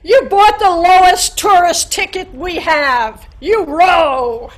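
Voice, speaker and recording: A blustering pirate captain barks at his passengers, played by an older woman. The voice sits high and moves slowly, with a stage-comedy feel from an improv show. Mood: bossy.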